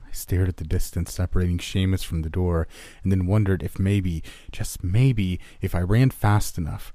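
A man reading a first-person horror story aloud in a low, steady, grim manner. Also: moderate pace, no echo.

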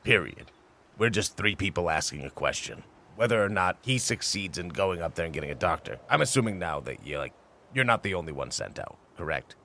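Swearing, argumentative tabletop player. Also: male voice, sits low, very animated, a little fast, bright, forceful tone, slight background noise. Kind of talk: casual tabletop game play.

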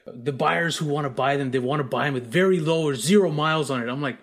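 An American man co-hosts a podcast, telling a casual, profane story full of laughter and animated energy. His voice is fairly high and fast.

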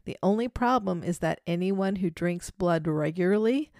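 A woman's voice: fairly low pitch, moderate pace, a little mellow, no room sound, clean studio sound. A middle-aged woman co-hosting a podcast, chatting casually and explaining what she researched. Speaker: podcast co-host. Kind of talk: casual chat.

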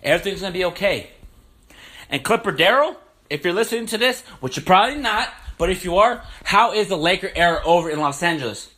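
A young man with a slightly high voice rants on his sports podcast, heated and profane, hammering the same points over and over. He talks straight to his listeners in a loose, unscripted monologue. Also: expressive, fast talker, bright, forceful tone. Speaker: podcast host.

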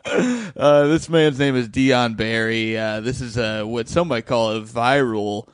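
Casting: man, podcast host, jokey and loose, mid pitch, dead-dry studio sound. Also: measured pace, clean tone, no echo. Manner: jokey, self-mocking, filler-heavy. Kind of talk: casual comedy podcast chat.

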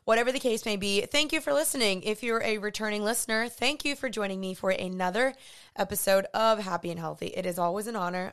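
A woman's voice: medium pitch, fairly bright tone, clean tone. Earnest young woman podcasting. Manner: chatty, earnest and emotional, says y'all. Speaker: podcast host. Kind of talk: casual podcast monologue.

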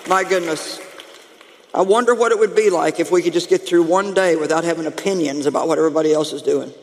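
A woman pastor preaching a lively, humorous sermon to her congregation, calling out to them as she goes. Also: lowish voice, fast talker, long reverb tail, a little hiss or hum. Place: church sanctuary.

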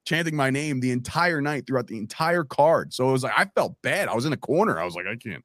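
A man telling stories as a podcast guest in a casual, animated way, acting out quoted lines and calling the listener "bro" and "man". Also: medium pitch, quick pace, dry recording, studio quality. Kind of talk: casual storytelling chat.

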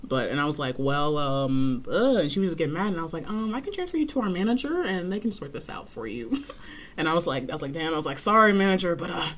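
A young woman in casual chat, telling an animated, swearing story about her library desk job and acting out callers in a high voice. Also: fast talker. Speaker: library circulation desk worker.

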